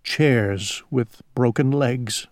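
A woman voicing a gentle, earnest male owl who frets and weeps in a picture book read-aloud; Chinese is her first language. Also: very deep voice, extremely slow, dry recording, clean studio sound, full character voice. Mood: sad, musing.

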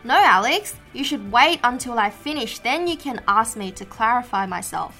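A woman co-hosting an English learning show, explaining polite phrases in a clear, teacherly way. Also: a little high, animated, sharp tone, soft background music. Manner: clear teacherly delivery, models phrases slowly. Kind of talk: scripted language-lesson chat.

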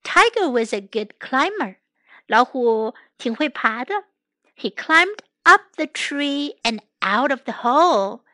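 Slow, bright-voiced woman storyteller. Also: high-pitched, very animated, no room sound. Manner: reads each line then translates it, gentle and clear. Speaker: storyteller and English teacher. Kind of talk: bilingual children's story reading.

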